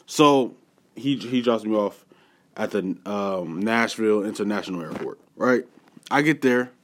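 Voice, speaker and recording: Man telling a story, animated and slangy. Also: lowish voice, measured pace. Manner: animated, addresses viewers directly with slangy asides. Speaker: vlogger. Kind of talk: casual storytelling to camera.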